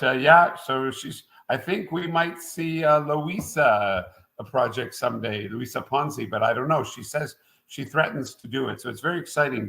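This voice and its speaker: A middle-aged man from Quebec, a winemaker guest in a relaxed interview. He rambles from one anecdote to the next at an ordinary pitch and keeps the tone loose and conversational. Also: vocal fry, rough recording. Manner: rambling and anecdotal, frequent "uh" fillers. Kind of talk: casual interview storytelling.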